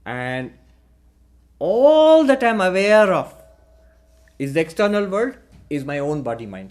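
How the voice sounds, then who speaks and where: Higher-voiced man giving a philosophical lecture. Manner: deliberate, asks rhetorical questions. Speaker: spiritual teacher.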